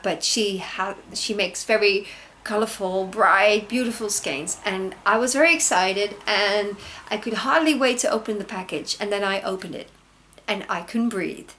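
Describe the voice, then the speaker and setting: A woman in her thirties with a Dutch accent, hosting a casual knitting video podcast from home, gushing and gasping with excitement over yarn. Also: medium pitch.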